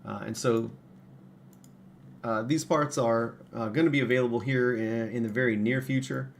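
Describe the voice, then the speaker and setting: At his computer, a man who hosts his own livestream and makes parts talks casually, rambling with many fillers and restarts. His mid-range voice is gravelly, with fairly even intonation and normal speed, over a little hiss or hum.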